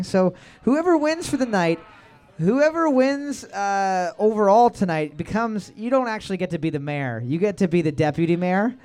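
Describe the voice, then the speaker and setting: A man's voice: high-pitched, darkish tone. A man hosting a live bar trivia night, reading each question twice and joking between rounds. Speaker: trivia host.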